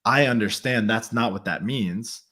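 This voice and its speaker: A man who is a podcast guest, speaking in a reflective, halting way with many hedges. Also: on the low side, pushed and bright. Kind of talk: casual chat.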